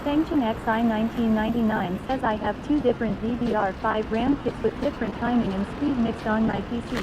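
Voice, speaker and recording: A text-to-speech woman's voice reading out viewer chat messages in a flat, even way. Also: on the high side, brisk. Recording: loud street noise behind.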